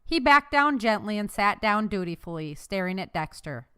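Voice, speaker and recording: A woman narrates a novel chapter for an audiobook. Her voice is smooth and clear, and her pitch sits at an average level for a woman. She keeps a steady storytelling pace throughout. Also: normal speed. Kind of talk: scripted narration.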